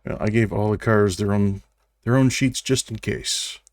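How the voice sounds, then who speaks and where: A man with a notably low voice runs a tabletop game, describing the scene in a relaxed, wry way. The sound is dry and close, with no room around it. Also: moderate pace, no room sound. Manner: relaxed, wry narration with small restarts. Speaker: game master.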